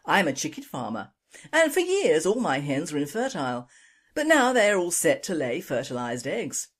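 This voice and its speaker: A woman's voice: sits low, big pitch swings, moderate pace, breathy edge, full character voice. A woman voicing a cheerful, self-pleased male chicken farmer in a joke.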